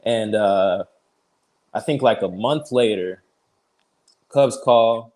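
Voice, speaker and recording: A man in his thirties, a pitcher guest on an interview show, telling his story casually, peppered with "like" and easy laughs. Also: takes it slowly, mellow. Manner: chatty, fills speech with "like", retells conversations; laughs easily while telling stories.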